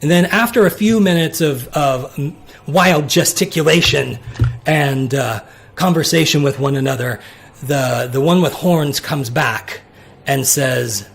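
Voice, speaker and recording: Game master, male, slow gravelly delivery, halting narration of scenes. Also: on the high side. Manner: halting, with many restarts.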